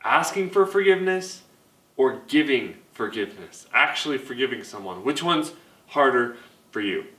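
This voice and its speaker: A man's voice: medium pitch, lively intonation, moderate pace, pushed and bright. Conversational young man preaching in a roomy space. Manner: conversational, asks the audience questions. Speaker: youth pastor. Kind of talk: youth sermon to camera.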